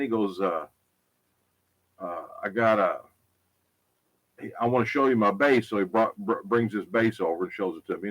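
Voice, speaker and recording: A middle-aged guitar repair tech who also makes products talks live about them in a casual, blunt way. His mid-range voice rambles, repeats itself, and swears. The recording is rough, and the mic placement is unclear.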